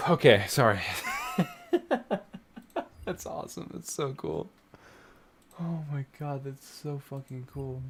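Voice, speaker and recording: A man's voice: medium pitch, big pitch swings, takes it slowly, creaky, long pauses, a little hiss or hum. A man hosting a casual reaction video, swearing often and sighing, plainly moved by what he watches. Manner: swears often and sighs between remarks; emotional and easily moved.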